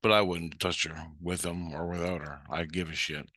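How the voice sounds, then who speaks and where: Low-voiced guy ranting a story, cussing nonstop, bright edge, dry sound. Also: flat delivery, normal speed, no echo. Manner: profane, heated and blunt. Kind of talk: casual storytelling.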